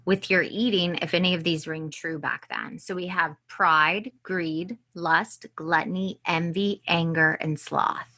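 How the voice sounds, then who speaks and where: Woman host, bright forceful voice, kinda lowish, keeps saying mm-hmm. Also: steady tone, measured pace, hardly any pauses. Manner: affirming, lots of soft back-channel replies. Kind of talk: interview.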